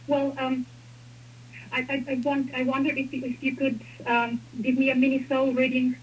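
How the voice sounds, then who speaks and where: A woman's voice: high voice, monotone, normal speed, a little hiss or hum, rough recording. A woman calling in to a radio show, talking hesitantly and gratefully with many restarts. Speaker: caller.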